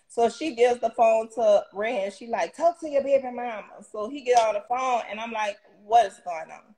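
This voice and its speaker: A young adult woman, a guest in a casual interview, telling a story in an animated way and acting out the people she quotes. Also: fairly high pitch, moderate pace, few pauses, rough recording. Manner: animated retelling with quoted dialogue and laughs.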